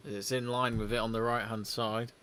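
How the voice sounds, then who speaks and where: A man's voice: mid-range voice, little pitch movement, moderate pace, a bit bright, slight background noise. A man co-hosting a live sports watch-along, chatting casually and reading out viewer messages. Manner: chatty, reads out viewer messages, laughs often. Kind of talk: casual live commentary chat.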